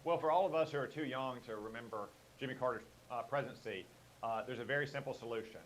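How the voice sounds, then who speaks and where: A man speaking as a political guest in a radio interview, arguing his points in a measured way with frequent fillers. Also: mid-range voice, a little hiss or hum, rough recording.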